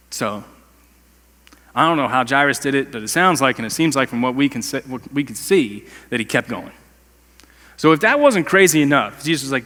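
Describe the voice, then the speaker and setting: A man's voice: on the high side, very animated, normal speed, fairly bright tone, in a large hall. A male pastor preaching a sermon in a conversational, emphatic way, with casual slang. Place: church sanctuary.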